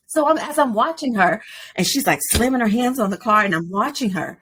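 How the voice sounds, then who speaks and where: A woman in her forties, a podcast guest, telling a personal story in an animated way. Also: on the high side, brisk, a little hiss or hum. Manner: animated storyteller, acts out quoted voices.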